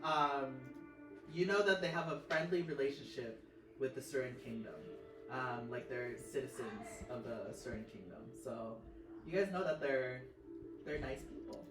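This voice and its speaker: A woman's voice: rumbling low, moderate pace. A woman narrating a tabletop game as game master, meandering, with many fillers and restarts. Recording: roomy, distant mic, music behind.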